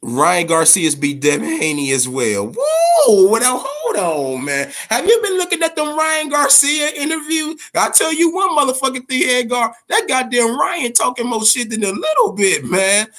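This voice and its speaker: A man hosting a boxing talk show, ranting in a profane, casual way, stammering and swinging between a low grumble and loud outbursts. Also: big pitch swings, normal speed, few pauses. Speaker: boxing podcast host.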